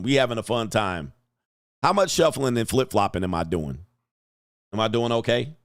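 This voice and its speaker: Excitable man thinking aloud on a stream. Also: on the low side, no echo, clean studio sound. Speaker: livestream host. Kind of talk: casual live commentary.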